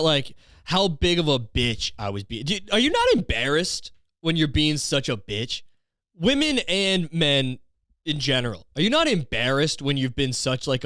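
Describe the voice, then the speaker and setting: A young man hosting a comedy podcast, ranting in a profane, animated, self-mocking way. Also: fairly high pitch, no room sound, clean studio sound. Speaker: podcast host.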